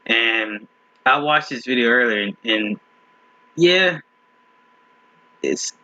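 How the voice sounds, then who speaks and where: Speaking slowly with lively intonation, a man with a pushed, bright mid-range voice hosts a casual reaction video. The home recording is slightly muffled with no room sound, and he rambles, laughs at clips and restarts his sentences often.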